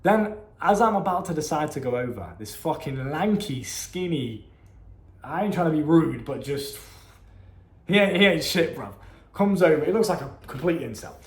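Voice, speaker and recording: A young man tells a story in a loose, animated way, full of slang and swearing. His voice sits a little high for a man. The room around him is echoey. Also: normal speed. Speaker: vlogger. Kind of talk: casual storytelling.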